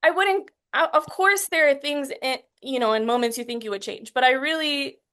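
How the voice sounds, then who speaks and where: A fairly high-voiced woman in her thirties speaks as an interview guest. She talks in an earnest, halting way, restarting sentences often and at times growing emotional as she recounts hard memories. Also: pushed and bright. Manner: gets emotional while recounting.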